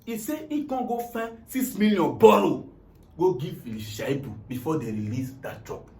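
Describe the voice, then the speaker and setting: A man with a Nigerian Pidgin accent spins a comic tale and acts out every voice in it. His voice sits very high and jumps around a lot as he tells it. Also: moderate pace. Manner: animated, dramatic retelling with acted-out quotes. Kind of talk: comic storytelling retelling a political tale.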